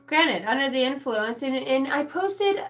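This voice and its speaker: A woman's voice: sits high, lively intonation, a little slow. A woman giving a rambling, casual channeled reading, swearing freely and talking straight to her listeners. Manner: rambling, profane, chatty. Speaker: spiritual channeler.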